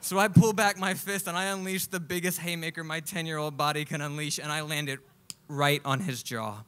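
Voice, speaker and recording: A man telling a comic personal story live on stage, animated and acting out other people's lines. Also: on the high side, a little fast, clean tone. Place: live stage at a music club.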